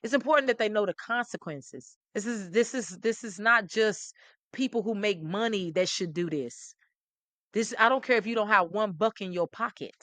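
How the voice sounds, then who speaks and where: A middle-aged woman host, talking with animated, preachy emphasis and repeating phrases. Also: mid-range voice, no room sound. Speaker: talk show host. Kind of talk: impassioned commentary to camera.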